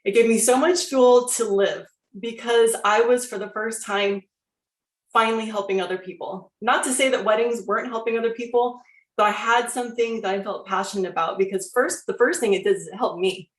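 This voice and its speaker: Animated woman in her forties, echoey room. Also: on the high side, a little fast. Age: 40s. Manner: animated storytelling, acts out her own past voice. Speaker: wellness coach sharing her story. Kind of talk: personal testimony talk.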